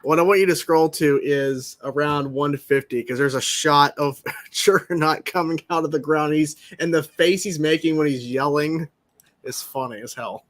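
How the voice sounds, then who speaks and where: A man's voice: a little high, moderate pace, fairly bright tone. A man hosting a live stream, chatting casually and rambling with many restarts. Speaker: stream host.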